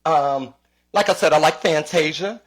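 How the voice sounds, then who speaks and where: A young man and comedian ranting in a casual comic style, profane and animated, often repeating himself. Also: fairly high pitch, normal speed.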